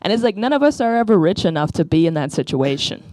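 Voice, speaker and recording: A woman's voice: on the low side, very animated, fast talker, a little mellow, no echo. A woman, doing a rambling, self-deprecating stand-up routine into a stage mic. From the Bronx, New York. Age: 30s. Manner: rambling, self-deprecating, asks "right?" often. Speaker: stand-up comedian. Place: comedy club stage.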